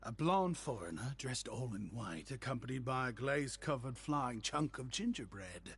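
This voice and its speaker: An actor with an English accent playing an eager, humble young shopkeeper with flowery, overly polite speech. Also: male voice, medium pitch, big pitch swings, moderate pace. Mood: flattering. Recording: game audio with faint music behind.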